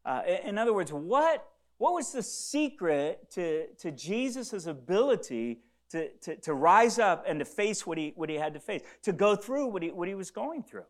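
A man preaching a sermon as a pastor, earnest, repeating phrases and swinging between soft and loud for emphasis. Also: high voice, very animated, moderate pace, few pauses.

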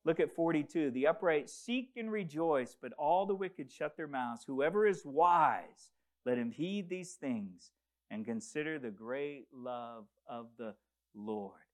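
A man preaching a sermon as pastor, leading the church in call and response and swinging between loud declarations and low, hushed lines. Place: church sanctuary.

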